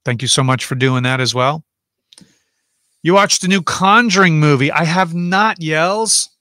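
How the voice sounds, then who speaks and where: A man's voice: on the high side, measured pace, sharp tone, no room sound, clean studio sound. A man hosting a casual livestream from home, chatting and rambling as he reads out viewer comments and answers them.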